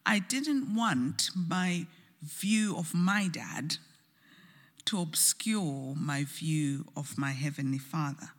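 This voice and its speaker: A woman preaching a sermon, telling a story slowly and earnestly with soft, hushed moments, recorded in a church. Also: low voice, expressive. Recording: church hall with long reverb.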